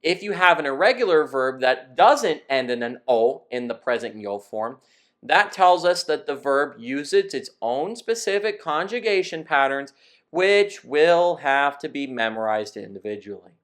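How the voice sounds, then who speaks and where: A man's voice: on the high side, expressive, a little slow, fairly bright tone. Man explaining Spanish grammar methodically. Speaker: Spanish teacher. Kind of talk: scripted lesson narration.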